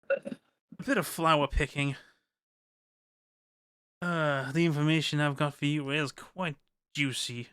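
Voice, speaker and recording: A game master voicing a polite, quietly sarcastic male informant who speaks formally. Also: mid-range voice, clean tone, dry recording, clean studio sound, lightly acted. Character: courteous, sly male informant and go-between.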